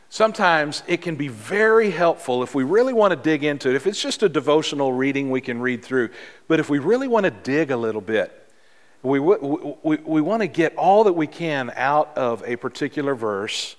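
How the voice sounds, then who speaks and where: A man preaching a sermon as pastor, in a measured, earnest way with emphatic pauses. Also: medium pitch. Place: church sanctuary. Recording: long reverb of a large hall.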